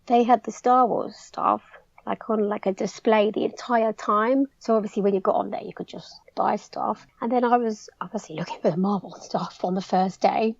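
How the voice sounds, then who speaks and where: A young English woman chatting excitedly as a podcast guest, peppering her story with "like". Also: mid-range voice, normal speed, gravelly, no echo, dull audio. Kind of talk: casual chat.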